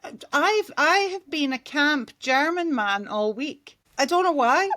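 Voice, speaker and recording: A woman's voice: sits high, expressive, unhurried, noisy background. A woman co-hosting a casual podcast chat, talkative and prone to tangents, laughing often. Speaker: podcast co-host, nail tech.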